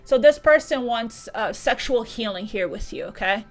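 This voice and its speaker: A woman's voice: fairly high pitch, animated, normal speed, soft background music. A woman giving an emotional tarot reading, gushing and repeating words as she channels messages. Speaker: tarot reader.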